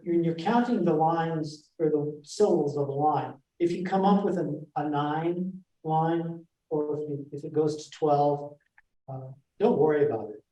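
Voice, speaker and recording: Halting man lecturing in an echoey room. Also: a little high, mellow, distant mic. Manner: halting, with many fillers and restarts, reads verse aloud. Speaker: presenter of a Shakespeare class. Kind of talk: informal classroom lecture. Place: library meeting room. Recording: echoey room, voice picked up from afar.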